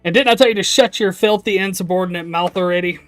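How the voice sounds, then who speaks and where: A man voicing a gruff male combat helicopter drill instructor in a game, barking and contemptuous. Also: high voice, fast talker, a bit bright, no room sound, soft background music. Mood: angry barking. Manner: barking, contemptuous, self-important.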